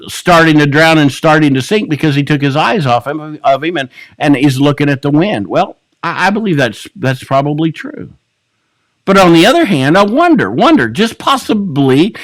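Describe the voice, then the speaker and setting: A man leading an evening Bible study as a pastor, preaching with passion, dropping to a hush and then climbing to emphatic peaks. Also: on the high side, no room sound. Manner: impassioned, swings between hushed and rising emphatic preaching. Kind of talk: sermon.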